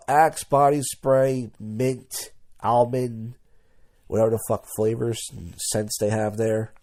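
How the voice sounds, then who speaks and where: A man's voice: lowish voice, mellow. A young adult man hosting a podcast, telling crude, rambling comedic stories and mimicking people he quotes. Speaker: podcast host. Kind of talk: comedic monologue.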